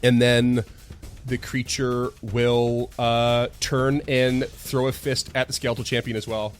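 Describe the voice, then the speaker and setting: A man's voice: medium pitch, level tone, measured pace, soft background music. A man running a tabletop game as game master, narrating loosely with many fillers. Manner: loose, filler-heavy narration with frequent laughs.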